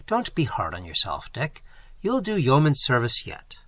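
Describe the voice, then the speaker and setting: A man voicing a mild, fatherly older male professor who lectures gently in an audiobook. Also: mid-range voice, wildly swooping pitch, normal speed, dry recording.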